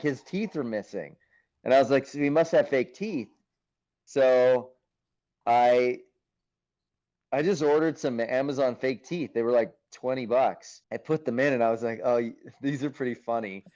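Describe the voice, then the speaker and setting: A man being interviewed as an actor, telling stories in a lively, casual way, acting out his own thoughts and swearing now and then. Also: lowish voice. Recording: muffled, dull sound.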